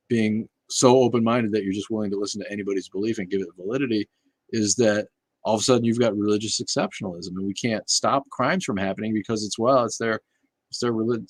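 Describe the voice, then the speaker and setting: A man's voice: lowish voice, breathy edge. A man hosting a casual livestream chat, reading and answering viewers' comments in a blunt, profane way, with many fillers and restarts.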